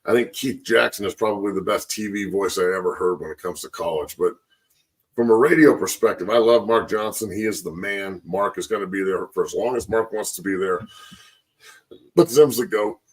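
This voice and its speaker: A man's voice: on the low side, normal speed, breathy edge, far from the mic, poor audio. A man hosting a casual sports talk show, reflecting in a rambling way and getting choked up. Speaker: sports show host, former player.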